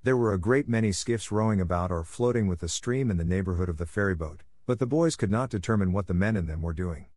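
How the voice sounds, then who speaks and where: A man narrating a classic novel in a measured, expressive storybook reading. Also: deep voice, no echo. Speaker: audiobook narrator.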